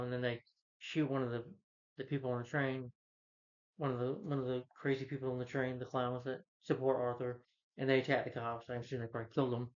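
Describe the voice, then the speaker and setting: A man talks through a film's story in a loose, rambling way, piling on fillers and starting sentences over. His voice sits at a middling pitch. The recording sounds a little muffled and dull. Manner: rambling, filler-heavy retelling with frequent restarts. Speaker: film reviewer. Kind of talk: casual spoken film recap.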